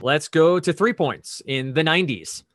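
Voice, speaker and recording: A man's voice: fairly high pitch, expressive, moderate pace, fairly bright tone. A man hosting a trivia quiz over a video call, explaining the rules and reading clues in a conversational, methodical way with chatty asides.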